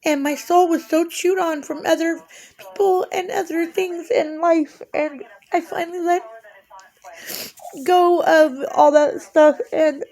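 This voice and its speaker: A woman's voice: very high voice, fairly even intonation, measured pace, darkish tone. A woman in her forties rambling emotionally through a casual vlog monologue. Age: 40s.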